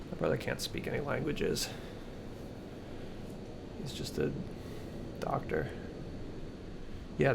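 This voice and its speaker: Joking New gaming streamer. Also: male voice, medium pitch, gravelly, fairly bright tone, slight background noise. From New Jersey. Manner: joking, profane, rambling. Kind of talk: casual gaming stream commentary. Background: game music.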